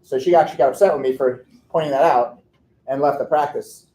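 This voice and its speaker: A man's voice: medium pitch, a little fast, dark tone. A middle-aged man, an orthodontist, giving a humorous storytelling talk to an audience. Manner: humorous, self-deprecating anecdotes. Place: lecture room with an audience. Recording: echoey room.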